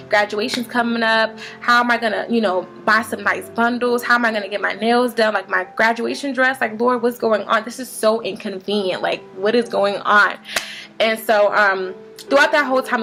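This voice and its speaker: A woman's voice: fairly high pitch, bright, forceful tone. A woman in her twenties telling a casual personal testimony about faith, chatty and full of "um" and "like". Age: 20s. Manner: chatty, many fillers like "um" and "like". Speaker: vlogger sharing a faith testimony.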